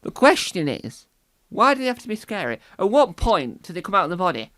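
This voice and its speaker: A man's voice: high voice, big pitch swings, fairly quick, a bit bright, dry recording, studio quality. A man doing a stand-up comedy set, rambling with lots of asides and "right?" tags.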